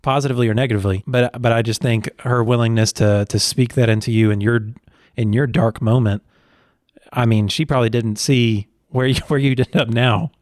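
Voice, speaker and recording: A man hosting an interview, reacting enthusiastically and talking in quick bursts. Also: medium pitch, fairly even intonation, darkish tone, no echo, studio quality. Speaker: host. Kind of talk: casual interview chat.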